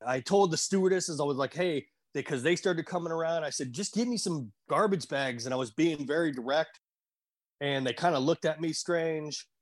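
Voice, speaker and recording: A guest in a conversation, a man with a slightly high voice tells an emotional personal story, earnest and halting, sometimes choking up.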